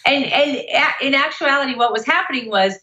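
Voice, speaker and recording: Middle-aged woman, motivational speaker, upbeat storyteller, bright voice, roomy echo. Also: high voice, lively intonation, fairly quick. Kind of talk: casual interview storytelling.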